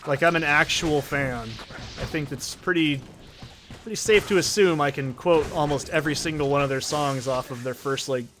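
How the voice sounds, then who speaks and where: A man's voice: a little high, normal speed, over music. A man hosting a game let's play, chatting casually in a rambling, profane, joking way. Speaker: gaming channel host.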